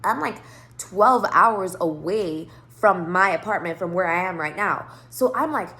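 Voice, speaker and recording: A woman's voice: fairly low pitch, lively intonation, brisk, sharp tone. A woman telling a rambling story in a casual monologue, swearing a lot and stressing her words. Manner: profane, rambling, emphatic. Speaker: tarot reader.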